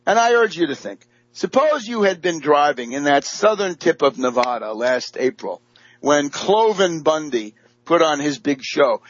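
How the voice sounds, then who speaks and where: Casting: a husky, fairly high-voiced man, rambling monologue, lo-fi dry recording. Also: no room sound. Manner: rambling, many fillers and restarts. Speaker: political commentator. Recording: dull lo-fi dry audio.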